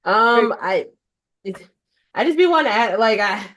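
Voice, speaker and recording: A woman hosting an interview, bantering casually in a relaxed, slangy way. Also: on the high side, moderate pace. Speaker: podcast host.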